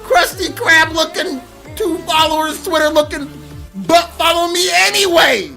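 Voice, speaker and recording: A man putting on a shrill, indignant online troll, shouting and squealing in mockery. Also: a little slow, vocal fry, faint music behind, full character voice. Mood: taunting.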